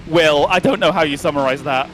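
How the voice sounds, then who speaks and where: A man giving rapid, excited play-by-play commentary on a live esports race. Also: fairly high pitch. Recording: race car noise behind the voice.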